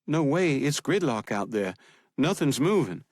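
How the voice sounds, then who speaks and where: A man's voice: mid-range voice, very animated, measured pace, darkish tone, no echo, studio quality, voice pushed up. A man voicing a worried adult sister in an audiobook, anxious and defensive.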